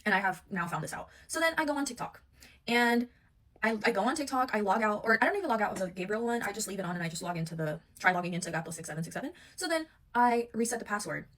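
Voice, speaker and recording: A woman's voice: mid-range voice, fast. A young woman telling a personal story in a casual vlog, rambling and swearing, with many fillers, acting out both sides of an argument. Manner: rambling, profane, animated retelling with many fillers; acts out both sides of the argument in quoted voices.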